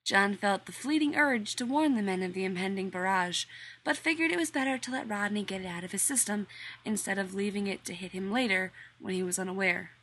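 A woman narrating a story in an audiobook reading, with even, measured storytelling. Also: medium pitch.

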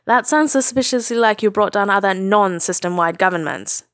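A woman voicing an aging male smuggler, gruff and sarcastic, griping loudly at everyone around him. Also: medium pitch, moderate pace, dry recording, studio quality, lightly acted. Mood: exasperated. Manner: sarcastic, complaining, loud.

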